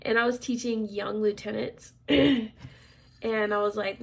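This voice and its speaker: A woman in her thirties chatting casually as a vlogger, rambling with lots of fillers, clearing her throat often and dropping to soft asides. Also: medium pitch, flat delivery, a little slow. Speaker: crafts vlogger and military instructor. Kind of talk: casual chat.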